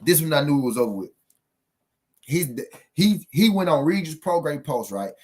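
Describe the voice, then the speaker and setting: A man's voice: fairly high pitch, big pitch swings, moderate pace, darkish tone. A man giving casual boxing commentary on his own show, emphatic and profane, repeating points for effect.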